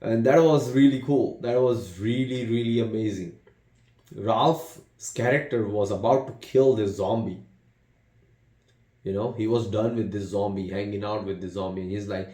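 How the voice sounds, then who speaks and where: A man's voice: fairly low pitch, fairly even intonation, moderate pace, warm tone, roomy sound. A man giving a casual, rambling spoken movie review, retelling scenes with many fillers and restarts. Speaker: film reviewer.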